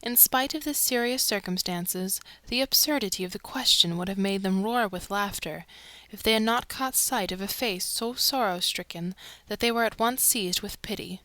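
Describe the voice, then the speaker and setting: A woman reading an audiobook narration in a steady, expressive way. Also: medium pitch, normal speed, no echo.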